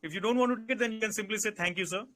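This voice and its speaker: A man with an Indian English accent coaches candidates in a calm, instructive way and circles back to restate his points. His voice sits high and sounds bright and forward. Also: rapid-fire. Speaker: interview coach. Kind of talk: advisory Q&A session.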